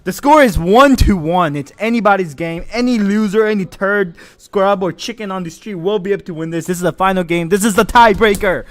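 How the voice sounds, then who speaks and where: A man's voice: high-pitched, a little fast, few pauses. Hyped man casting a game stream. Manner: hyped, crude joking, frequent exclamations. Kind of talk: livestream game commentary.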